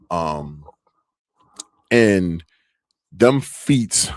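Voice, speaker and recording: A low-pitched young man hosts his own podcast and tells loose, slang-heavy stories with plenty of laughter. His voice sits close to the mic. The recording is dry, with no room sound. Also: drawn-out words, pauses often, no room sound. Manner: animated, laughing, loose slang-filled storytelling. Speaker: podcast host. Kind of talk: casual solo podcast storytelling.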